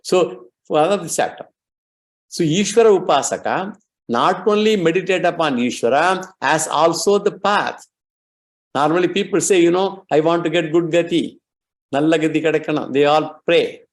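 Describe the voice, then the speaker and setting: Male scripture teacher, fairly high voice, slow and measured explanations. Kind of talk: religious lecture.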